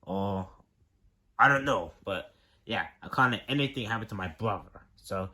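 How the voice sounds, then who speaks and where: A man's voice: on the low side, animated, moderate pace, sharp tone. A man voicing a fretful older brother who rambles about saving his little brother in a homemade plush-toy skit. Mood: worried. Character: worried protective older brother.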